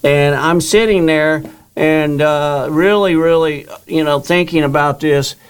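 Earnest middle-aged man, smooth voice. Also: fairly high pitch, steady tone, measured pace. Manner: rambling, earnest, repeats words and quotes others. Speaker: guest telling his story. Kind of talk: casual storytelling interview.

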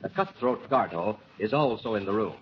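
A man's voice: lowish voice, sing-song, moderate pace. A man working as a radio announcer, hearty and folksy in a 1940s style. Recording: dull old radio broadcast, faint hiss.

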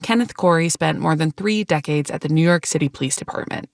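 A woman reporter reading a scripted news story in a measured, even way. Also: deep voice, vocal fry, dry recording, clean studio sound.

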